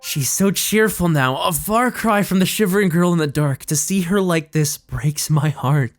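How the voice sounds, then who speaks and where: A man's voice: a little high, moderate pace, soft background music. Man reflecting on a story game. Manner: emotional, reflective asides. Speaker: game streamer. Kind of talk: reading a visual novel with commentary.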